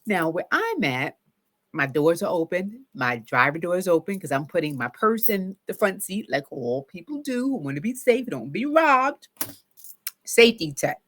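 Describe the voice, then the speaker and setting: Animated woman telling a story. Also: lowish voice, normal speed. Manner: animated, acts out her own shouts and self-talk. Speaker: therapist. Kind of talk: casual storytelling to camera.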